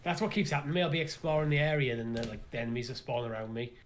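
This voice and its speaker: A man co-hosting a gaming livestream, agreeing easily and thinking out loud about game design. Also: medium pitch, racing, a little hiss or hum. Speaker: livestream co-host. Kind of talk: casual gaming chat.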